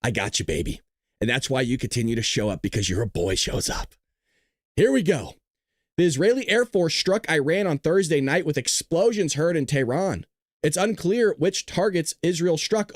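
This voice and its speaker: A man's voice: fairly high pitch, lively intonation, moderate pace, no room sound, studio quality. Tired, giggly, profane male host. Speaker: show host. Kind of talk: casual news commentary livestream.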